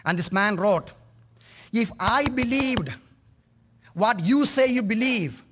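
A man preaching a sermon, moving from quiet storytelling to impassioned, pleading cries. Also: high-pitched, expressive, slow pace, background noise. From India. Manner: impassioned, rising to fervent cries.

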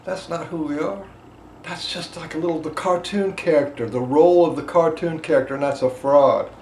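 A man's voice: on the high side, moderate pace. Impassioned man teaching in an echoey room. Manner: impassioned, swings between loud emphasis and quiet asides. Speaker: emotional release teacher. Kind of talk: teaching talk to a group. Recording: echoey room with faint background noise.

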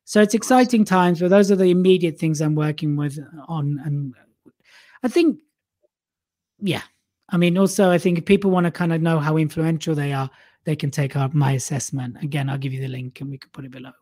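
A man's voice: a little high, a little fast, darkish tone. A man guesting on an interview, a public speaking coach who talks chattily, mocks himself and laughs often. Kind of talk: casual interview chat.

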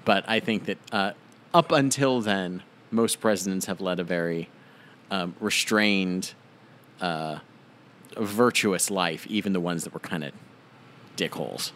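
A man's voice: sits low, measured pace, fairly bright tone. A man co-hosting a comedy podcast in casual chat, riffing wryly with asides. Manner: wry, riffing, trailing off into asides. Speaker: podcast co-host.

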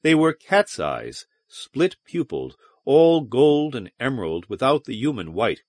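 A man narrating an audiobook with expressive, dramatic storytelling. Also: medium pitch, measured pace, no echo, studio quality. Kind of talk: scripted narration.

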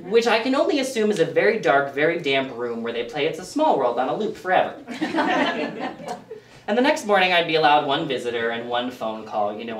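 A man performing a self-deprecating stand-up set with deadpan asides for a small audience in a living room. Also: medium pitch, echoey room, distant mic. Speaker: stand-up comic.

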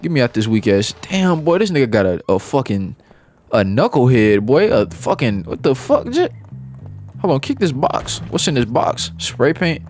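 A man giving casual, profane commentary while playing a video game, with loud outbursts and rambling asides. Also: mid-range voice, very animated, normal speed, faint music behind. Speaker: gaming channel host.

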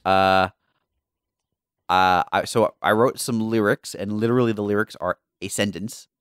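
A man's voice: on the low side, steady tone, measured pace, a bit bright, clean tone, dry recording, clean studio sound. A young man hosting a casual gaming podcast, joking at his own expense and often restarting his sentences. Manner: joking, self-mocking, with frequent restarts. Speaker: podcast host.

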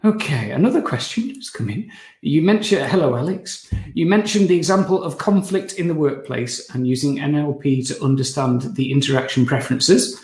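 A man hosting an interview, relaxed, reading out questions from the audience. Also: on the high side, normal speed. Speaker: host. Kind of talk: conversational interview. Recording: echoey room.

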